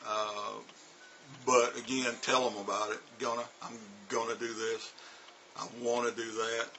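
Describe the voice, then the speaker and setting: A man's voice: mid-range voice, little pitch movement, a little slow, pushed and bright, a little hiss or hum, poor audio. A man, an English teacher giving casual advice to other teachers and acting out spoken examples in a loose, chatty way.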